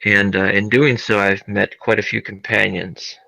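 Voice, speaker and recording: A young man playing his character in a tabletop game, speaking in a halting, hesitant way. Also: on the low side, little pitch movement, creaky, sharp tone, no room sound, low-quality recording. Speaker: player. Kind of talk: in-character tabletop role-play.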